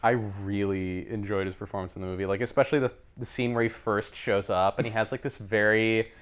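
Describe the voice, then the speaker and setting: A man co-hosting a casual film-discussion podcast, animated and laughing often. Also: lowish voice, a little fast, clean tone. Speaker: podcast co-host.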